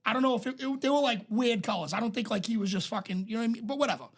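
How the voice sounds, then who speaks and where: A man with a raspy, smoker-sounding voice, full of gravel and breath. He co-hosts a podcast, rambling through profane stories with plenty of restarts. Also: extremely high pitch, rapid-fire. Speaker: podcast co-host. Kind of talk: casual storytelling chat.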